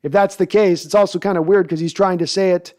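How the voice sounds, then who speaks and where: A man with a somewhat high-pitched voice hosts a podcast, reading out viewer comments and answering them in a loose, casual way. He rambles, restarting his sentences often. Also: fairly even intonation, fast talker, darkish tone. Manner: rambling, with frequent restarts and fillers. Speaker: podcast host.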